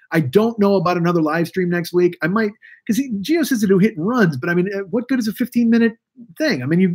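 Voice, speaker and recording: A man with a high, husky voice tells a rambling story on a live stream. He swears freely, talks casually and restarts his sentences. This is offhand podcast-host storytelling. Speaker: podcast host and rideshare driver.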